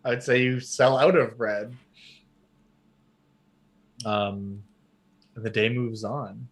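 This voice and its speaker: A man's voice: mid-range voice, steady tone, takes it slowly. A man narrating a tabletop game as game master in a casual, rambling way full of fillers.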